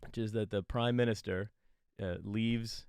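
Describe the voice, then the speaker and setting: Comedy podcast co-host, man from Canada. Halting, self-interrupting storyteller, laughs often. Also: fairly low pitch, steady tone, a little mellow, clear, resonant tone, dry recording, clean studio sound. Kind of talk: casual comedic chat.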